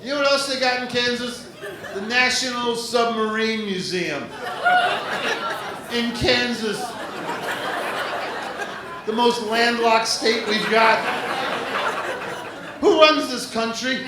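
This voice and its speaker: A stand-up comedian, a man with a fairly high voice, tells jokes in a chatty way and now and then slips into quick impressions. He was recorded live in a very echoey theater. A loud audience laughs, and steady noise sits under the whole set. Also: over a noisy crowd.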